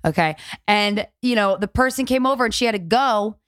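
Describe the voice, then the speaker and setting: A woman co-hosting a podcast, telling stories in a brash, loose way. She swears freely and laughs often. Her voice sits at an ordinary middle pitch and is recorded close and dry. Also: a little fast, a bit bright, no room sound. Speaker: podcast co-host. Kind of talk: casual chat.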